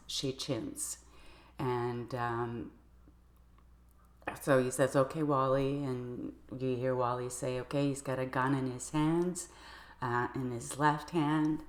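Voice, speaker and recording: A woman giving a personal account to camera in a measured, halting way. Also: very deep voice. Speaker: video creator. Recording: roomy echoey room.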